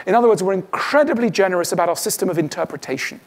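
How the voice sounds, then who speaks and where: A man's voice: sits high, expressive, racing, hardly any pauses. A man giving a witty stage talk to an audience, acting out the voices he quotes. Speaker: public speaker.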